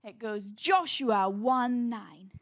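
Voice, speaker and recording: Lively high-voiced woman leading kids' church. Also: slow pace. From Scotland. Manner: playful, animated, leading call-and-response memorization. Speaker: children's church leader. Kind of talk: children's church lesson.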